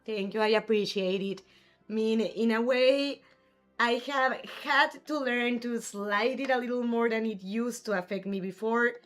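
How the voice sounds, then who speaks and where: Chatty woman streamer over faint music. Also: mid-range voice. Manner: chatty, answers viewers' chat messages. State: has the hiccups. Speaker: livestream gamer host. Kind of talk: casual live-stream chat.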